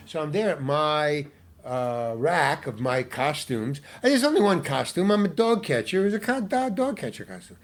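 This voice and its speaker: Rambling older actor telling a story. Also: male voice, mid-range voice. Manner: rambling, with many restarts and repeated words. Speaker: guest actor. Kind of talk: anecdotal storytelling in an interview.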